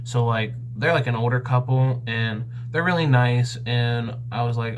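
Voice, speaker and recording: A young man tells a funny story of his own misadventure to his vlog audience. His voice sits in a middle range, and he is animated and excitable, jumping up in pitch when he gets worked up. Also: moderate pace, highs cut off, a little hiss or hum. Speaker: vlogger. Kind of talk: comedic storytelling.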